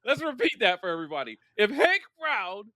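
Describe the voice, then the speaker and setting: A man co-hosting a casual sports talk show, animated and excitable, quick to agree. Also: sits high, no room sound, clean studio sound. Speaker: podcast co-host.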